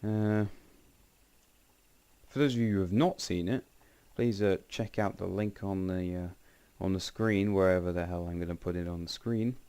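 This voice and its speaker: A man's voice: low voice, fairly even intonation, moderate pace, mellow, clean tone, dry recording. A man giving casual, rambling gameplay commentary with wry asides and frequent self-corrections. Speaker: game channel host.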